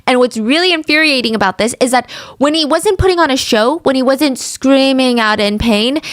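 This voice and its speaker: A woman hosting a true-crime podcast, telling the story with animated and indignant commentary. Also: a little high, dry recording, studio quality. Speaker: podcast host.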